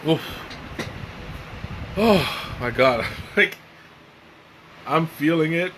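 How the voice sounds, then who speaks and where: A tired, relaxed man hosting a live tea-tasting stream, chatting casually and rambling with lots of fillers and restarts. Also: on the high side, very slow, a little hiss or hum, rough recording. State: tired and mellow. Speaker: tea livestream host.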